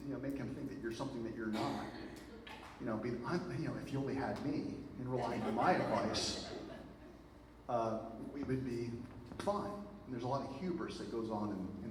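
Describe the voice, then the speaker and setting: A man giving a speech to a live audience, telling stories in an animated way with lots of fillers and asides. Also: medium pitch. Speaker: speaker. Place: event hall with an audience. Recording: very echoey hall from far off, noisy.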